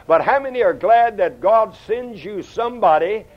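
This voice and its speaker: An older man preaching a sermon, folksy and storytelling, swinging between loud outbursts and hushed asides. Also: high voice, expressive, moderate pace. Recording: dull lo-fi sound.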